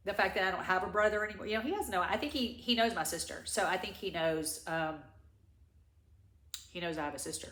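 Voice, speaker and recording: A middle-aged woman talking through tears, her voice sitting a little low for a woman. She rambles and restarts, telling a personal story in a vlog. The sound rings in an echoey room. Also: a bit bright. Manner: halting, rambling, many restarts. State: crying. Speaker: vlogger. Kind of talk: tearful personal story time.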